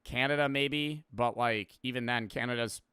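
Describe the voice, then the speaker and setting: Bright, crisp young streamer guy. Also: mid-range voice, normal speed. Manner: rambling, profane, offhand. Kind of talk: casual reaction commentary.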